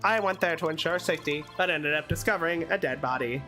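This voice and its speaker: A woman voicing a terse, flat, robotic-sounding male bomb disposal expert in a game read-along. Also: low voice, quick pace, faint music behind. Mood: deadpan. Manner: clipped, monotone, terse.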